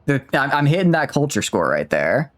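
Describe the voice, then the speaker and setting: A man's voice: medium pitch, sing-song, moderate pace. A man streaming a video game, chatting casually and rambling in a self-mocking way with many restarts. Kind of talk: casual let's-play commentary.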